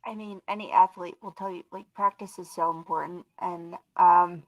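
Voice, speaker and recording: A middle-aged woman, a guest on a video-call webcast, chatting casually and telling stories in an animated way with lots of "like" and "dude". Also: fairly low pitch, normal speed, no echo, dull audio. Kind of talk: casual chat on a live webcast.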